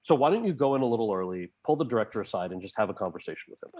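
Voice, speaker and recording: A man in his forties telling an animated anecdote as a guest, laughing and acting out the people in it. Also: fairly low pitch, racing, no echo. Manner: animated, laughing, acts out quoted voices. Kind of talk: storytelling anecdote.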